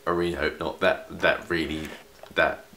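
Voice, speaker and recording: A man's voice: a bass voice, little pitch movement, normal speed, vocal fry, sharp tone, echoey room, a little hiss or hum. A young man reading a fan fiction aloud for laughs, cutting in with sarcastic asides, in a room of a house. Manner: sarcastic, interrupts himself with asides. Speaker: vlogger.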